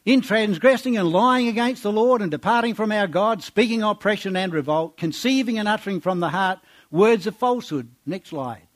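A man preaching a sermon, reading scripture aloud and exhorting his congregation with rhetorical questions, dropping low and quiet on his words of praise. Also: lively intonation, moderate pace.

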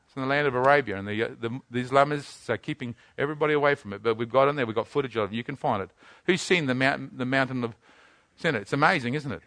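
A man preaching a sermon, building to loud, rapid-fire rhetorical questions. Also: medium pitch, dry recording.

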